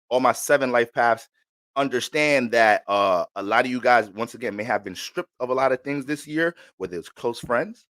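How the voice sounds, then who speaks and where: A man's voice: mid-range voice, fairly bright tone, no echo. Male astrology vlogger, casual, profane, joking, dry close sound. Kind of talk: casual monologue.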